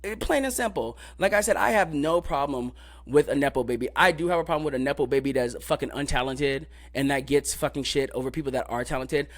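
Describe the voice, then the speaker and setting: A man hosting a podcast, ranting in a casual, profane, emphatic way, often repeating filler phrases and jumping up in pitch when fired up. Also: quick pace. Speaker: podcast host.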